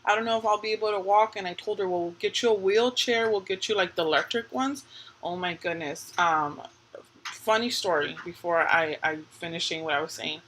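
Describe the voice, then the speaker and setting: A woman's voice: on the low side, fairly quick, a bit bright, a little hiss or hum, low-quality recording. A woman in her thirties hosting a live stream, telling family stories in a chatty, laughing way. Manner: chatty storytelling with frequent laughter. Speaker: livestream host. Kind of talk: casual chat.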